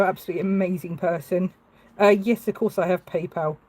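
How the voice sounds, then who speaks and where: A woman's voice: fairly low pitch, fairly even intonation, brisk, a little mellow, soft background music, low-quality recording. A woman chatting on a live stream as she paints, hesitant and full of fillers and restarts. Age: adult with a child. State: tearful at moments. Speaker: livestreaming artist. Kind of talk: casual live-stream chat.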